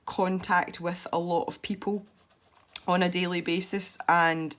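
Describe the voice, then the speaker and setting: A young woman with a congested, stuffy voice, chatting softly as she narrates her colouring. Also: on the low side, little pitch movement, a little slow. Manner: soft-spoken, chatty and self-deprecating. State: congested from a head cold. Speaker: colouring video host. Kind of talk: relaxed colouring commentary.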